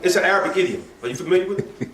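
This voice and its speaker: A religious teacher leads an informal sermon class, preaching in a lively, conversational way full of asides and laughter. His voice is high and rapid-fire, and the far-off mic picks up the echo of the hall.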